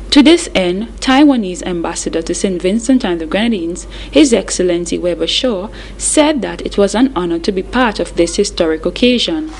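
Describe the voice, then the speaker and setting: A woman narrating a news voice-over, reading the report clearly and steadily. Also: on the low side, darkish tone, slight background noise, rough recording.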